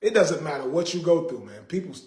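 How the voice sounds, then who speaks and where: A man's voice: a little high, big pitch swings, brisk, darkish tone. A man hosting a casual livestream, talking in an exasperated, preachy way to his viewers. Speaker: livestream host. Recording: roomy echo.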